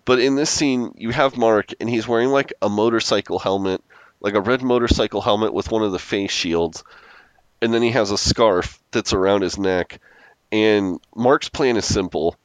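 A man's voice: on the low side, normal speed, no room sound, low-quality recording. A man co-hosting a podcast, casually recapping a TV episode and laughing often as he retells scenes. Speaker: podcast co-host.

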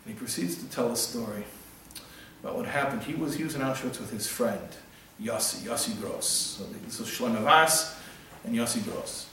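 A man speaks as a religious teacher in a storytelling sermon, earnest and halting, restarting words and mixing in Hebrew and Yiddish terms. His mid-pitched voice is caught from some distance by the mic. It rings in a very echoey room over faint background noise. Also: bright, forceful tone.

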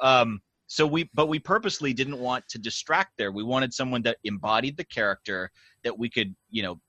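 A man's voice: mid-range voice, fairly bright tone, dry recording. A man hosting a casual behind-the-scenes chat, rambling with restarts and quoted asides. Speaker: podcast host.

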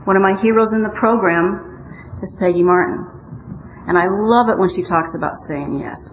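A woman's voice: medium pitch, normal speed, a little hiss or hum. An older woman from Omaha, Nebraska, giving a personal recovery talk in an earnest, storytelling way with wry humor. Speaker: speaker at a recovery meeting. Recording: muffled roomy recording.

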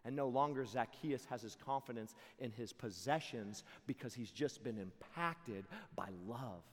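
A man giving an energetic sermon full of personal stories, his voice ringing in a large hall. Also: mid-range voice, measured pace. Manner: energetic, shifts into loud excited voices for quotes. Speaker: youth camp speaker. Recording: long reverb of a large hall.

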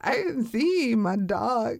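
Slow-talking woman, animated storyteller. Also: creaky, no room sound, clean studio sound. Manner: animated storyteller, acts out her own thoughts in high voices. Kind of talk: casual chat.

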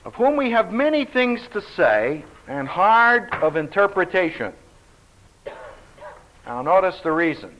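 A man's voice: high-pitched, a little slow, a little hiss or hum. A man teaching a Bible study, speaking emphatically with a dry humor, on a dull lo-fi recording. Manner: emphatic, animated, dryly humorous.

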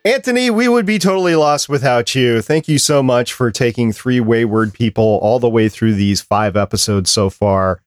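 A man's voice: mid-range voice, normal speed, hardly any pauses, no room sound, clean studio sound. A man hosting a casual fan podcast, chatting with enthusiasm and wrapping up the show. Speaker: podcast host.

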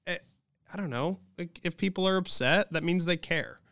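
Blunt, smooth-voiced young man chatting. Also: high-pitched, normal speed, no echo, studio quality. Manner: blunt, animated, swears freely. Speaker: podcast co-host. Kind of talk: casual chat.

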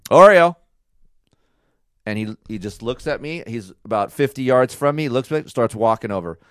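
A man's voice: medium pitch, expressive, fairly quick, no echo, studio quality. A man in his thirties co-hosting a casual chat, telling a story animatedly and swearing freely. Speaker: co-host of a couple's talk show.

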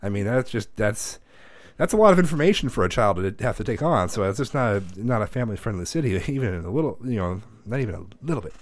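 Speaking fast in a fairly low voice, a thirty-something man spins a profane, animated story during a casual conversation. He performs the voices of the story's characters.

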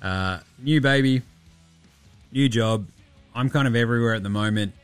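Sweary, tipsy Australian podcast host. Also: male voice, mid-range voice, moderate pace, clean tone, dry recording, faint music behind. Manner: sweary, loose and rambling. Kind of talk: casual podcast chat.

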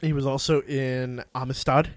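A man hosting a podcast, telling a story in casual chat, cursing often and acting out quotes with loud yelps. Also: medium pitch, moderate pace, no echo. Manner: profane, excitable storytelling recap. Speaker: podcast host.

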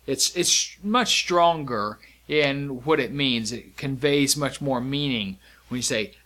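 A man's voice: medium pitch, unhurried, hardly any pauses, sharp tone. A man teaching sign language vocabulary, explaining each sign step by step in a patient, demonstrating way. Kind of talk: instructional lesson.

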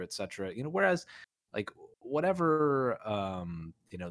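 A man's voice: low-pitched, no echo. A man co-hosting a podcast, giving his opinion in a rambling, filler-heavy way and laughing often. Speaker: podcast co-host. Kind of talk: casual film discussion.

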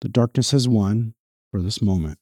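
A man's voice: moderate pace, breathy edge, no room sound, studio quality. Earnest male pastor preaching a sermon. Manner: earnest, swells louder and higher on emphatic lines, drops low and quiet on solemn ones; reads scripture passages aloud within the sermon.

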